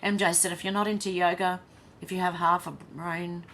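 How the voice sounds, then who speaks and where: A woman's voice: lowish voice, level tone, normal speed, a bit bright, a little hiss or hum. An Australian woman hosting a casual livestream, reading viewer comments aloud and chatting with frequent laughs. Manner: chatty, reads chat messages aloud, laughs often. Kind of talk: casual chat.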